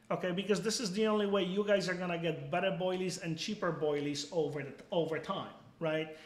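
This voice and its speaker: A man's voice: sits high, echoey room. A man hosting a casual live stream, answering viewers bluntly and emphatically, dropping "okay?" after his points and swearing freely.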